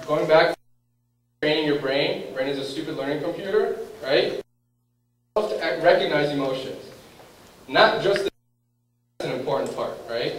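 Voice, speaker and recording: A man giving a lecture, quizzing his audience and acting out the thoughts going through someone's head. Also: fairly high pitch. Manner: questions the audience and acts out inner thoughts. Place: lecture room. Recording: very echoey room, voice far from mic, faint background noise.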